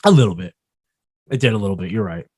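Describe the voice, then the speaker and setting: Male podcast co-host, lively swinging pitch, rambling casual talk, dry close sound. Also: quick pace, no room sound. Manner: animated, rambling, restarts thoughts. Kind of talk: casual chat.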